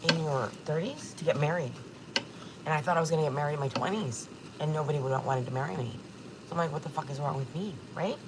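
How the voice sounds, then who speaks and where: A woman in her forties hosts a casual livestream from her kitchen. She is tearful and speaks frankly, swearing freely in a lowish voice. Clear background noise from the room runs under her speech. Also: quick pace. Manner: candid, emotional, swears freely. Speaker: livestream host. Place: home kitchen.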